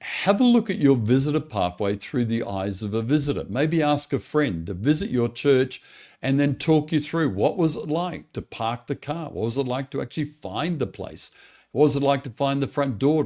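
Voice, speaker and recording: An encouraging man teaches church leaders in a relaxed webinar style. His middle-pitched voice swings up and down with lots of animation as he speaks straight to pastors. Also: moderate pace. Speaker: church growth coach.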